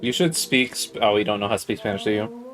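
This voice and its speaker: A man's voice: on the low side, very animated, fast, fairly bright tone. A man chatting casually with fellow players, playful, laughing and asking lots of questions. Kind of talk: casual chat between game sessions.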